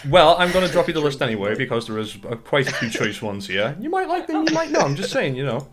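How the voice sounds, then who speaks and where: Laughing, teasing man with lively pitch. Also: quick pace, crowd noise. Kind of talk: casual tabletop game banter. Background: background music.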